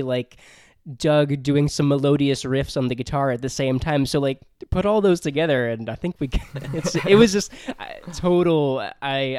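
Male podcast host, clean dry close sound, lively and laughing through a book chat. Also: medium pitch, clean tone, no echo. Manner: animated, laughs often while describing. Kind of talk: casual book discussion.

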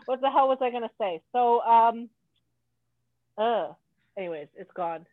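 A woman's voice: fairly high pitch, animated, unhurried, dry recording. A woman in casual chat, blunt and rambling, swearing freely as she talks. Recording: tinny phone-like sound.

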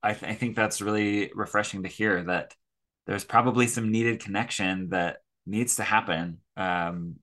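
A male podcast host moderates a discussion with a fairly low but bright, forward voice. He thanks his guests politely and moves the talk to the next topic. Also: steady tone, normal speed.

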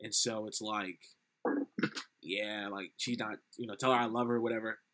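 A man's voice: fairly low pitch, little pitch movement, normal speed, bright, forceful tone. A young man co-hosting a casual film review podcast, animatedly retelling scenes and acting out lines. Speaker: podcast co-host.

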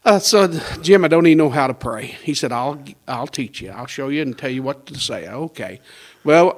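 A man, a pastor telling his life testimony in a folksy, conversational way, acting out the lines of the people in his story and chuckling now and then. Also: mid-range voice. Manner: storytelling with quoted dialogue and chuckles.

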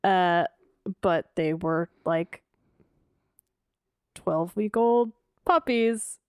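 A woman co-host talks loosely on a podcast, with fillers and the odd restart. Her voice sits a bit low and comes through smooth and clear. The sound is dry and close. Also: drawn-out words, darkish tone, no echo. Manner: storytelling with fillers and restarts, laughing easily. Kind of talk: casual true-crime podcast chat.

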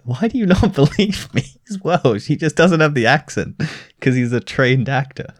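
A British man co-hosting a podcast in casual chat, teasing and laughing often in quick bursts. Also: on the high side, lively intonation, no echo, studio quality. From Britain. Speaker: podcast co-host.

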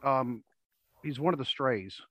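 A man's voice: mid-range voice, unhurried, fairly bright tone, dry recording. A man hosting a casual chat, rambling through stories and acting out what people said. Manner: rambling storyteller, acts out quotes. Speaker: podcast host. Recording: dull lo-fi dry audio.

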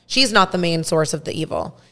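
A woman around thirty telling a story in casual podcast chat, animated and full of "like" fillers. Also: lowish voice, a little fast. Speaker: podcast host.

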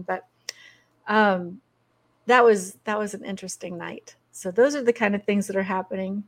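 A middle-aged woman guest telling stories in conversation, animated and laughing often. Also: mid-range voice, moderate pace. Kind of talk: conversational storytelling.

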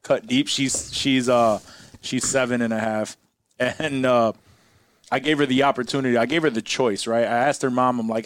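A laid-back man chatting casually and telling stories about home life. His voice sits at an ordinary middle pitch and sounds dry and close, with no room around it. He circles back on his words as he goes. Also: steady tone, moderate pace, dry recording. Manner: laid-back storytelling with frequent restarts and quoted dialogue. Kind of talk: casual chat.

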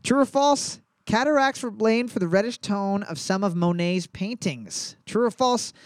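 A man with a fairly high voice hosts a trivia night at a bar, reading questions out and throwing in crude, deadpan jokes. The sound is dry and close, with little room echo. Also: moderate pace. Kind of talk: live bar trivia hosting with comic banter.

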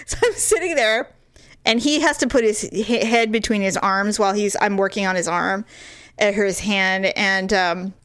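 A woman's voice: mid-range voice, normal speed, fairly bright tone, no echo, clean studio sound. A middle-aged woman telling a story in casual chat, acting out the quotes and laughing often.

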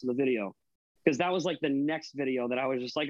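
A man's voice: mid-range voice, very fast, no echo, dull audio. A man guesting on a casual podcast, talking about his online videos with fillers and swearing. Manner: chatty, profane, hesitant fillers. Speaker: guest, online cooking creator.

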